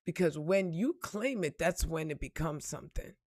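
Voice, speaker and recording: A woman's voice: low-pitched, lively intonation, moderate pace, darkish tone, dry recording. A woman giving a motivational spiritual talk in an emphatic, preachy way, blunt and profane, asking her listeners question after question. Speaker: spiritual reader and motivational speaker.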